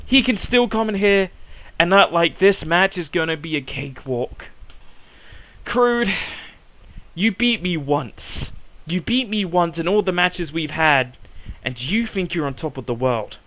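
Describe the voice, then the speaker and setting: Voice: medium pitch, lively intonation, unhurried, poor audio. A wrestler cutting a heated promo, bitterly accusing a rival of ruining everything. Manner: bitter, accusing, building to a shout.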